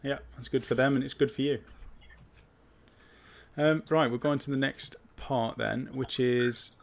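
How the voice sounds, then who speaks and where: This is an English man hosting a relaxed online chat. He sits at a middle pitch and leans on hesitant ums while guiding the conversation. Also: a little slow, creaky. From United Kingdom. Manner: hesitant, many ums, steering the talk. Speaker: host. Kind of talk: casual chat.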